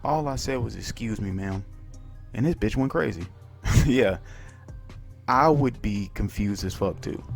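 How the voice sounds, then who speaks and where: A man with a low, gravelly voice hosts a reaction commentary. He mocks what he hears with blunt, profane remarks. Faint music plays underneath. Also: expressive, unhurried, long pauses. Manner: mocking, profane. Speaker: commentary channel host.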